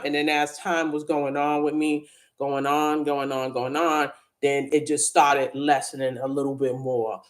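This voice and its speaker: A woman hosting a livestream, talking candidly and earnestly to viewers, with frequent restarts. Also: sits low. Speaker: livestream host. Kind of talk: casual livestream chat.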